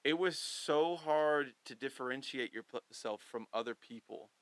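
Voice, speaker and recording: Podcast guest, young man from Missouri; lively storyteller, bright tone, swears casually. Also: medium pitch, moderate pace, clean tone, no echo, rough recording. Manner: animated storyteller, swears freely. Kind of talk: casual chat.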